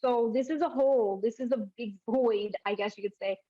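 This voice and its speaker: A woman in her thirties delivers a personal vlog monologue straight to her viewers. Her voice sits a bit high and carries steady, impassioned frustration. The recording is muffled and lo-fi. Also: a little fast. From United States. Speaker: vlogger, mother sharing her birth story. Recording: dull lo-fi audio.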